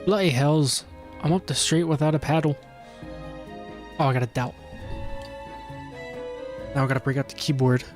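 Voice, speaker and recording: A man's voice: on the high side, normal speed, pauses often, music in the background. A man streaming a game, talking in a casual, crude, joking way. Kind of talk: casual gameplay commentary.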